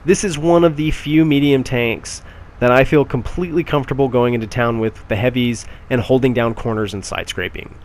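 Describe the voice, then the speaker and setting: A man's voice: medium pitch, brisk, a little hiss or hum. A man giving casual gameplay commentary on a tank game, chatty with frequent fillers and restarts.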